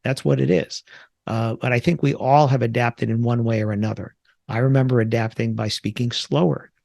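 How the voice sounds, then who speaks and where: A man's voice: medium pitch, steady tone, normal speed, creaky, a little mellow, dry recording, studio quality. A man from the New York area hosting a solo podcast, talking in a conversational, reflective way with frequent filler words. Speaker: podcast host.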